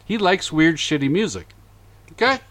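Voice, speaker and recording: A man's voice: fairly high pitch, moderate pace. A man hosting a casual podcast chat, recapping events animatedly and acting out quotes. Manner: animated, acts out quotes in voices. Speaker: podcast host.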